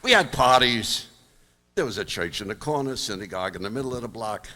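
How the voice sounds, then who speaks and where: An older comedian from Brooklyn, New York, does stand-up storytelling on stage in a large high school auditorium, his male voice lively, bright and fairly quick. He delivers punchy jokes with big swings of pitch, and the auditorium adds a long reverb.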